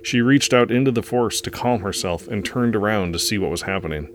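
Male storyteller, very low voice, earnest read-aloud narration, faint background hiss. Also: a little fast.

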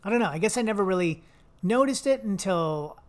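A man's voice: high voice, animated, brisk. Rambling, jokey male podcast co-host. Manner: rambling, jokey, trails off mid-sentence. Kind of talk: casual chat.

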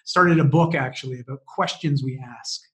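A man talking as a podcast guest and coach, enthusiastic and quick to laugh as he shares advice. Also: medium pitch. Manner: enthusiastic, fired up, laughs often. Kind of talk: animated interview conversation.

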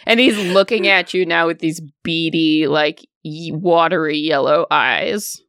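A woman's voice: deep voice, fairly bright tone, clean tone, dry recording, studio quality. A woman narrating a tabletop game as game master, describing scenes in detail. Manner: descriptive, unhurried storytelling.

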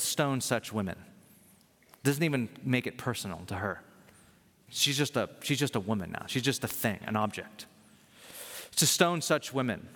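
A man's voice: medium pitch, a bit bright. Earnest male preacher in a reverberant hall. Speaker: pastor. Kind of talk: sermon. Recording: long reverb of a large hall.

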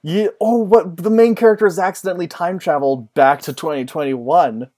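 A man's voice: sits high, a little fast, warm tone. A man co-hosting a podcast in casual chat, playful and jokey. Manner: playful, jokey, puts on silly voices. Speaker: podcast co-host.

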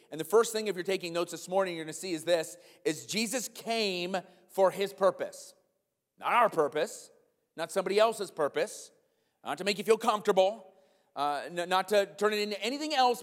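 Male pastor, animated sermon delivery, higher voice, church hall echo. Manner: animated, acts out a comic scene in a loud high voice.

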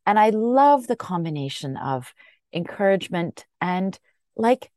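A woman hosting a podcast, effusive with warm thanks and quick asides in a casual chat. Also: on the low side, big pitch swings, no echo. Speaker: podcast host.

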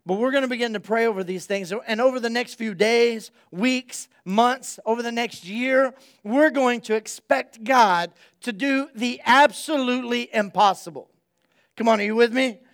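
A male pastor giving an energetic, conversational sermon and speaking straight to his congregation. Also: very high voice, moderate pace.

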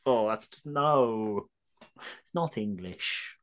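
A man's voice: on the low side, lively intonation, slow pace, fairly bright tone. A man co-hosting a podcast in casual chat, reading out listener comments with jokey, sarcastic asides.

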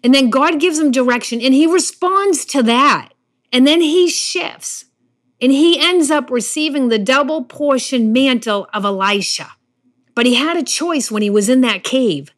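A woman preaches a sermon earnestly at a measured pace, her voice high-pitched. At times she acts out the quoted lines of the Bible figures in the story she's telling.

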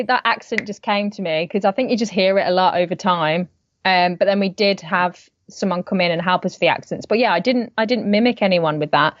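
Young actress, giggly, chatty. Dull, dry sound. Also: female voice, mid-range voice, a little fast, no echo. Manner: chatty, giggly, filler-heavy. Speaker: actress, co-host. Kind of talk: casual chat.

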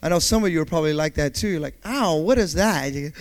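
A male pastor delivering a dynamic sermon, swinging between quiet explanation and loud call-outs, acting out panicked voices and asking the congregation to respond. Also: on the high side. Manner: acts out panicked voices in quick asides.

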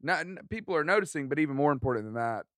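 A man's voice: on the high side, lively intonation, very fast, no echo, clean studio sound. A man from West Alabama, a guest speaker giving an encouraging, heartfelt talk in a podcast conversation.

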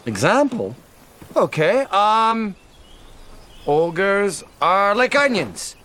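A man's voice: sits high, very animated, very slow, pushed and bright, slight background noise, full character voice. A man voicing a grumpy, blunt male ogre who explains himself stubbornly in a film clip.

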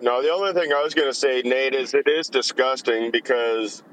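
A man calls in while driving. He is blunt and opinionated, and his voice sits at a medium pitch. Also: moderate pace, a bit bright, poor audio. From Canada. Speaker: caller.

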